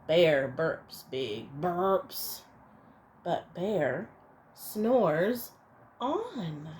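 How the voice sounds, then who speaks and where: A woman reading a picture book aloud to children, expressive and playful, adding little asides for young listeners. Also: on the low side, extremely slow, slight background noise, poor audio. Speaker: storyteller.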